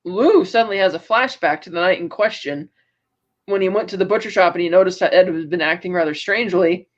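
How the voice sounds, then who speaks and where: A woman co-hosting a podcast, casually recapping a TV episode in detail with many fillers and quick asides. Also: on the low side. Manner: retells scenes in detail, acting out characters' lines with filler words. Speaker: podcast co-host. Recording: dull lo-fi audio.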